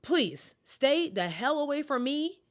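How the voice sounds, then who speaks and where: Woman, podcast co-host, angry profane rant, high lively voice. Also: slow pace, slight background noise. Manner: angry, profane, ranting with emphatic stresses. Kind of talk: heated casual chat.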